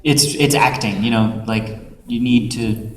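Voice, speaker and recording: A man's voice: mid-range voice, fairly even intonation, unhurried, slight background noise. A man with a mid-range voice rambles through his answer on a convention panel, restarting his sentences as he goes. He sounds distant, in an echoey hall, with faint room sound behind him. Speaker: panelist, voice actor. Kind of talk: casual panel talk.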